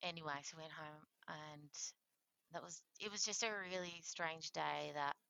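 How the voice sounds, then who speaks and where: A woman telling her own story in a candid, animated interview, often laughing and acting out what others said. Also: low voice, normal speed, creaky, dry recording. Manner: animated, acts out quoted voices, laughs often. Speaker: interview guest sharing her transplant story.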